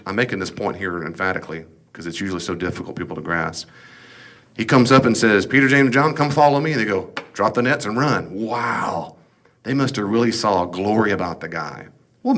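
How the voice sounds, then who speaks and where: A man's voice: on the low side, fairly bright tone. A man teaching a Bible study as pastor, talking emphatically and casually, full of rhetorical questions.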